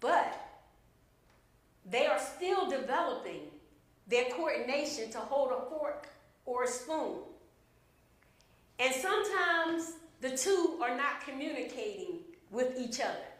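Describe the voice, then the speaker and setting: Slow, high-voiced woman preaching in an echoey room. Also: animated, a bit bright. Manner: slow, deliberate preaching with emphatic pauses. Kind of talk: sermon.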